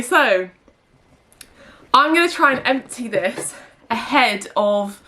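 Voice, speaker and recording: A woman's voice: medium pitch, fairly bright tone. A young woman talks casually to her camera at home. She rambles a little, with plenty of fillers, in an everyday mid-range voice. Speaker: vlogger. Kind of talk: casual vlog chat. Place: home indoors.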